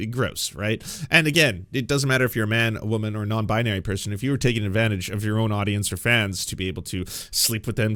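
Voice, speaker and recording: A man's voice: on the low side, fairly bright tone, dry recording, clean studio sound. A man hosting political commentary, ranting in a profane, sarcastic, emphatic way.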